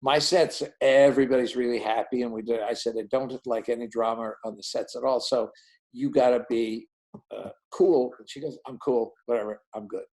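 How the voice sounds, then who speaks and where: A film director being interviewed, telling behind-the-scenes stories and acting out the dialogue of the people in them. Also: male voice, medium pitch, normal speed, low-quality recording. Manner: animated, acts out dialogue in quoted voices. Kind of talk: anecdotal storytelling in an interview.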